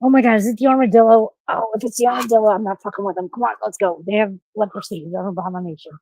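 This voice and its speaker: A woman's voice: medium pitch, steady tone, racing, warm tone, no room sound. Woman streamer outdoors at night, breathless and scared, curses freely, dry close sound. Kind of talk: casual livestream chat.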